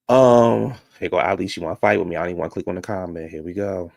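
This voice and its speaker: A man's voice: deep voice, steady tone, quick pace, vocal fry, few pauses, a little mellow. A man giving casual live-stream commentary on reality TV, chatty and opinionated, talking straight to his viewers.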